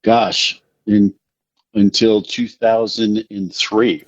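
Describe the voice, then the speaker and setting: Podcast guest, middle-aged man from New Jersey, rambling yarn-spinner, somewhat low voice, dry close audio. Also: drawn-out words, no room sound, dull audio. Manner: rambling, animated anecdotes with self-deprecating laughs. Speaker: podcast guest, recovery speaker. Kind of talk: casual storytelling.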